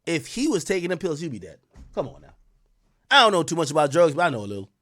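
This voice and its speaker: Male streamer, mocking rant, bright and tense voice, very lively delivery. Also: a little high, quick pace, dry recording, clean studio sound. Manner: sarcastic, mocking, swings between loud outbursts and muttered asides. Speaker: streamer and commentator. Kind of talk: animated live-stream commentary.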